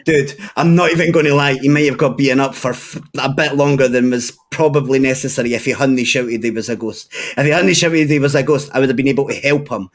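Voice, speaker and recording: A man's voice: mid-range voice, fast talker, hardly any pauses. A young Scottish man telling crude stories in a casual chat, swearing freely and laughing often. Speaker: podcast regular.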